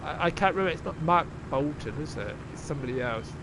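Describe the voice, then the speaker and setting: A man's voice: fairly high pitch, animated, fast, background noise. A man chatting casually and sarcastically while streaming a game, swearing freely. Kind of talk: casual live-stream chat.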